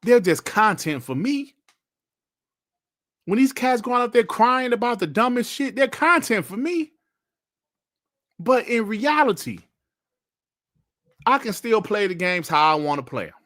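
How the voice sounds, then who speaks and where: Male gaming podcast host, blunt and slangy, slightly high voice with lively swings in pitch. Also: a little slow, long pauses. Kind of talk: casual gaming podcast rant.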